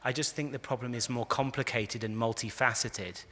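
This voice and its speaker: A man, a rabbi, giving a lively lecture to a live audience, telling stories and acting out the quotes with frequent restarts. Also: medium pitch, moderate pace. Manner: animated storyteller, frequent restarts, acts out quotes. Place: large convention hall. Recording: echoey hall.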